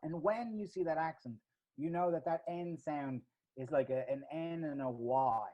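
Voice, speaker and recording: A man's voice: fairly high pitch, normal speed. A young Irish man tells a chatty, self-mocking travel anecdote full of fillers and restarts. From Ireland. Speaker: guest storyteller. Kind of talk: casual spoken anecdote. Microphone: video call. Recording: dull lo-fi video call audio.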